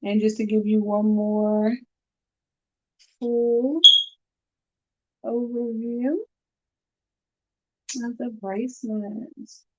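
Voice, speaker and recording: With a fairly high, mellow voice and level tone, a woman draws out her words and pauses often. She sells handmade bracelets on a live stream, keeping the sales chat casual and upbeat as she addresses viewers from her room at home, in dull lo-fi audio.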